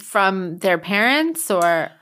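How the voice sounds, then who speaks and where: Wry woman co-host with a lively voice. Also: medium pitch, slow pace. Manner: reactive, wry, responsive. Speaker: podcast co-host. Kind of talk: casual chat.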